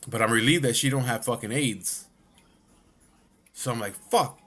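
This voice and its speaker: A man's voice: mid-range voice, moderate pace, pushed and bright. Blunt, swearing male storyteller. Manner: blunt, swearing, lots of filler asides. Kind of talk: casual profane storytelling.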